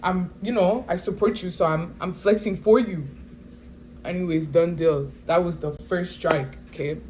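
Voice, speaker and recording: A woman in her twenties telling a casual storytime, animated and slangy, retelling with exasperation. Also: lowish voice, normal speed, noisy background. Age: 20s. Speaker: vlogger.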